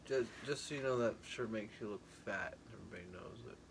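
A man's voice: lowish voice, a little fast, gravelly, roomy sound, slight background noise. A man playing every member of a one-man band in a comedy sketch, bickering with himself. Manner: switching between bandmate characters, bickering.

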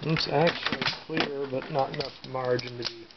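Man muttering over loud machine noise. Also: medium pitch, fairly even intonation, normal speed. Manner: mutters to himself, dry self-mocking remarks. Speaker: video maker tinkering with hardware. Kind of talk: casual running commentary while working. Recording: dull lo-fi with loud mechanical noise.

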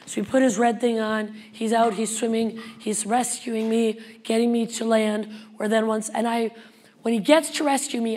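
A young adult woman speaking at a conference, telling a lively personal story and acting out the voices of the people in it. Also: a little high. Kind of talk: storytelling keynote talk.

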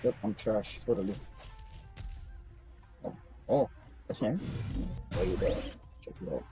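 A young man casually commenting on his own gameplay in slang, excitable and quick to yelp in surprise. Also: on the low side, music in the background. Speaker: gaming streamer.

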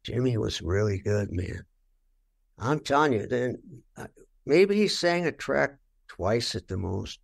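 A man's voice: medium pitch, very animated, a little slow, vocal fry. An older man giving a candid interview, telling stories bluntly and with a lot of swearing, and acting out what he said back then. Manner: blunt, profane, acts out his own past remarks. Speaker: rock guitarist interviewed.

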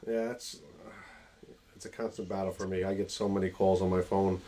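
Fast-talking, energetic male host. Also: sits low. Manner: energetic, enthusiastic storyteller. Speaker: host, realtor. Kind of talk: casual chat.

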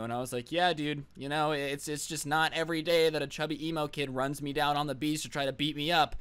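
A man with a somewhat high, smooth and clear voice tells a comic story to his vlog audience. He keeps up a sarcastic, mocking tone and rambles between jokes, speaking close to the mic. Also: steady tone, fairly quick, few pauses, fairly bright tone. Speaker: storytime vlogger. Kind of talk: comedic storytime monologue.

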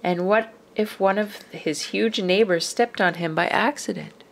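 A woman reading a children's picture book aloud, expressive and dropping to whispers for suspense. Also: mid-range voice, measured pace, creaky, a little hiss or hum. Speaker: storyteller.

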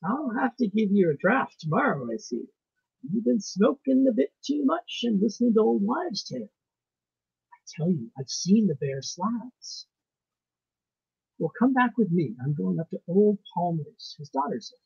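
A man reading aloud, voicing a big, blunt Irish country doctor with an Irish accent and a gruff, scolding manner. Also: high-pitched, big pitch swings, a little slow, darkish tone, dry recording, pitched above the performer's own voice, heavily acted. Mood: scoffing. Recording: muffled lo-fi recording.

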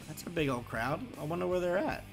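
A man's voice: on the high side, lively intonation, brisk, gravelly, music in the background. A man chatting casually as he reacts to a concert video, wondering aloud and easily impressed.

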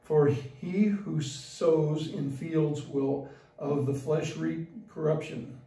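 A man reading an epistle aloud in church, slowly and with occasional restarts. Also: a little high, fairly even intonation, vocal fry, mellow. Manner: slow reading with small slips and restarts. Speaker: epistle reader. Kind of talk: liturgical Bible reading. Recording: echoey church from far off.

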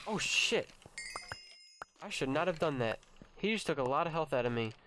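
A young man hosting a let's-play, chatting excitedly with his viewers and his pet, cursing when startled. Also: a little high, moderate pace, a little hiss or hum. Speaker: gaming channel host. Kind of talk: casual let's-play commentary.

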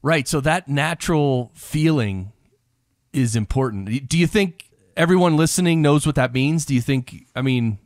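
A man hosting a podcast interview, chatty and quick to laugh, leaning on fillers as he asks questions and builds on his guest's answers. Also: on the high side, no echo, studio quality. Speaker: podcast host. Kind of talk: conversational interview.

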